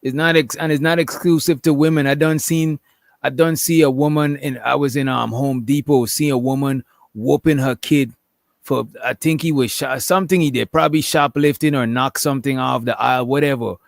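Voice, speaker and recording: A man's voice: mid-range voice, fairly even intonation, moderate pace, creaky, no room sound, studio quality. A man on a podcast panel, talking in a laid-back, rambling and profane way with lots of fillers. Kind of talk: casual debate chat.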